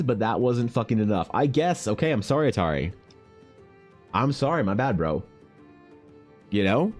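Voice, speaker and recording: A man's voice: on the low side, darkish tone. A man live-streaming while drawing, rambling, joking and swearing casually with lots of restarts. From Canada.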